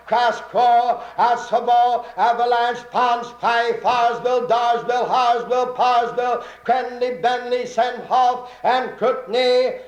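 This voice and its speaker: Male comic doing a rhythmic, sing-song train conductor with scat patter, high and lively, old echoey live tape. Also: dull audio. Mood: calling. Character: bustling male train conductor calling stations. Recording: echoey 1950s live recording.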